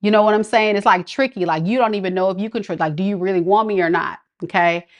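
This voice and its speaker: A woman's voice: mid-range voice, fast, muffled recording. A woman with giving a casual, affectionate live tarot reading, chatting with viewers and laughing often. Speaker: tarot reader.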